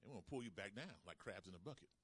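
A man preaching a sermon, calling out to the congregation and swinging between loud emphasis and soft asides. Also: lowish voice, expressive, rapid-fire, breathy edge, no room sound. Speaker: pastor.

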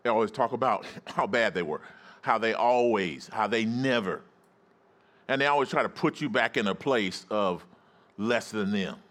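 A man preaching a sermon as pastor in a church, calling out to the congregation and rising into excited shouts. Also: lowish voice, normal speed. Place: church sanctuary.

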